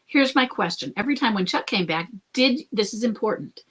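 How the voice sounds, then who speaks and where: A woman's voice: on the high side, animated, brisk, hardly any pauses, a bit bright, slightly rough. A woman who coaches couples, talking through a listener's question about rebuilding a marriage. She speaks earnestly and reassuringly, often checks in with "okay?", and thinks aloud with restarts. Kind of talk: advice monologue to camera.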